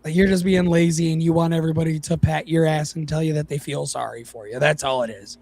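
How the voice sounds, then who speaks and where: A man's voice: on the high side, fairly even intonation, fast talker, creaky, few pauses, darkish tone, no room sound. A man co-hosting a casual talk show, ranting and swearing freely while he mocks other people's voices. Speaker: podcast co-host. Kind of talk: casual profane chat.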